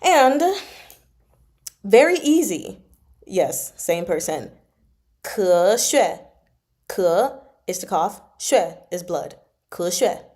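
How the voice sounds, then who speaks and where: In a lowish, slightly mellow voice, a livestream host gives a relaxed Mandarin lesson. She chats, corrects herself and voices each tone as she explains it.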